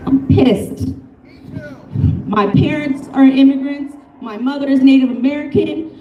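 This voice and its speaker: A woman's voice: high voice, measured pace, narrow, tinny audio, a little hiss or hum. A woman from Colorado giving a fiery, profane, off-the-cuff protest speech at an outdoor rally. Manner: fiery, profane, off-the-cuff, laughs between lines. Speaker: rally speaker. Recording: echoey, from a distance.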